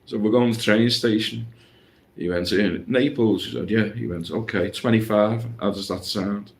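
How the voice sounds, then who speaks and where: A man's voice: on the low side, normal speed. A man chatting casually about a trip, laughing as he acts out the people they met. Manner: chatty, laughs while acting out other people's voices. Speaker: co-host. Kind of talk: casual travel storytelling.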